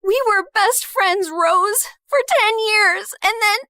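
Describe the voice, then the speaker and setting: A woman voicing a bitter, spiteful young woman who sneers and accuses in an animated story. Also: very high voice, slow pace, no room sound, clean studio sound, exaggerated voice. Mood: accusing.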